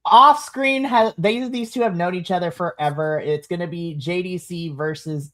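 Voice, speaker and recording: A podcast co-host reviewing a wrestling show in casual chat, animated, with big swings in pitch and frequent laughs. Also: normal speed.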